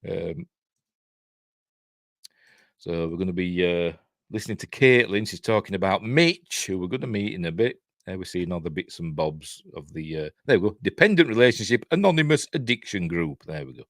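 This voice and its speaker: A man's voice: deep voice, animated, normal speed, a bit bright, no echo, clean studio sound. A man with a Yorkshire accent giving a casual, rambling film commentary full of trivia asides. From Yorkshire, England. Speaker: film reviewer.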